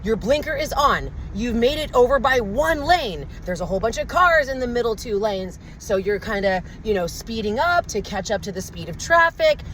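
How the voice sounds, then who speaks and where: A woman's voice: on the high side, very animated, normal speed, few pauses, fairly bright tone, slight background noise, poor audio. Angry, swearing woman ranting while driving. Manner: profane, exasperated ranting. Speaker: vlogger. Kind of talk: angry rant to camera. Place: inside a car while driving. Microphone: handheld phone camera.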